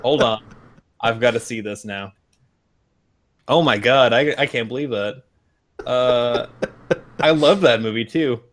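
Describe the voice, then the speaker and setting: A male podcast co-host with a mid-range voice talks in an unhurried way, leaving long pauses. The chat is casual and rambling, full of fillers and restarts, and he swears freely.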